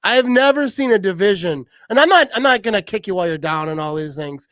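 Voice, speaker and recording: A man's voice: high voice, animated, quick pace, a bit bright, no room sound. A man in his forties from Wisconsin, hosting a casual sports chat, rambling and laughing often. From Wisconsin, USA. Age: 40s. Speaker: podcast host.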